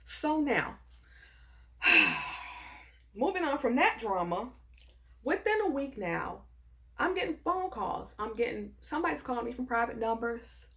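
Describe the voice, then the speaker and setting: A woman telling a personal story in a casual, animated and emphatic way, full of sass. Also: on the high side, unhurried, long pauses. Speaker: storyteller vlogger.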